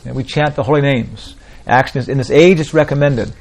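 A man with a gravelly, creaky voice leads an informal spiritual talk for a small group. He rambles, circles back, and tacks "like that, you know" onto his points. His pitch sits in an ordinary middle range. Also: fairly quick. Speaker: spiritual teacher.

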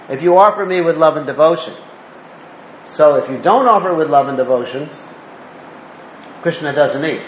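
A man whose voice sits a little high gives a devotional talk as a spiritual teacher, mixing stories with questions for his listeners. There's a little hiss or hum in the dull, roomy lo-fi recording, along with faint ambience.

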